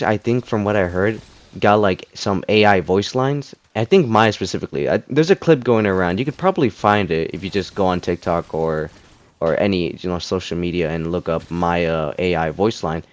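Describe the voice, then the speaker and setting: Low-voiced man rambling about gaming. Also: dry recording. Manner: rambling, many fillers and restarts. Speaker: gaming commentator. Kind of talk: casual rant to camera.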